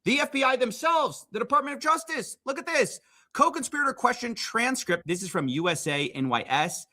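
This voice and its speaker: A man's voice: very high voice, animated, brisk, sharp tone. A man giving explainer commentary, reading documents aloud with emphatic, sarcastic remarks. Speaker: commentator in a played video.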